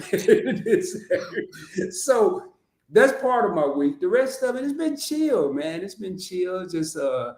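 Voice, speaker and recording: A man from Arkansas with a Southern accent, hosting a casual live-stream chat and telling stories in a lively, animated way with many restarts. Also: sits high, a little slow, echoey room. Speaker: podcast host.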